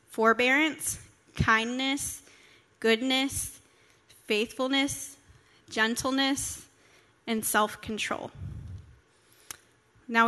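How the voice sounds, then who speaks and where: Young woman preacher, slightly high, crisp and bright, casual storytelling sermon delivery. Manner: conversational, candid, with personal anecdotes. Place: church.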